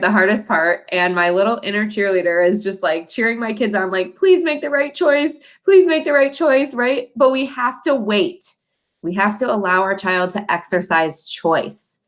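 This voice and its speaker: A middle-aged woman presenting a parent training, friendly and encouraging, with light laughs between points. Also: medium pitch.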